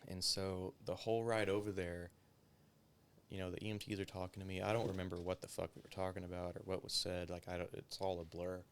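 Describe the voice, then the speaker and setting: A deep male voice with little pitch variation moves a little fast over slight background noise. The speaker, a former cop, relates a story in a casual interview, profane and loaded with the filler "like."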